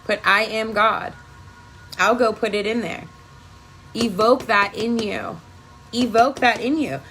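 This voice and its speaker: A woman's voice: fairly high pitch, takes it slowly, fairly bright tone, slight background noise, low-quality recording. A woman energy worker giving an emphatic, profane spiritual pep talk on a phone live video.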